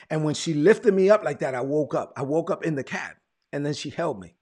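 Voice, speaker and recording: A man's voice: a little high, animated, fairly quick, darkish tone, slightly rough. A man, a pastor telling his testimony in a sermon, repeating words as he tells the story. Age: 40s.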